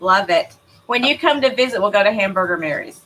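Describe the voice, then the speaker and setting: A woman's voice: mid-range voice, expressive, a little fast, pushed and bright, slight background noise, low-quality recording. Gushing, laughing woman in casual chat. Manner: enthusiastic, gushing, laughs often.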